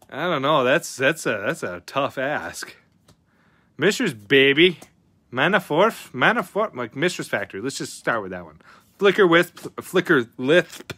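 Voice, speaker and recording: A man hosting a live card-opening stream, chatting casually with viewers, excitable and often swearing as he reacts to each pull. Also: fairly high pitch, dry recording, clean studio sound.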